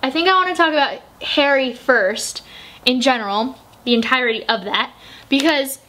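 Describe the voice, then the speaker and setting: A woman's voice: sits high, animated, fairly quick, fairly bright tone. A young woman talking casually as a book vlogger. She gushes emotionally and swears freely while doing her makeup. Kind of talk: casual book review chat.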